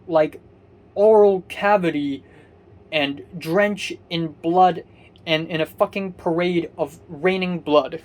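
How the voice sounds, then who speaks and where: In this profane personal rant, a young vlogger from Hong Kong sounds both furious and drowsy, cursing nonstop and starting his sentences over. His voice is high-pitched with a darkish tone.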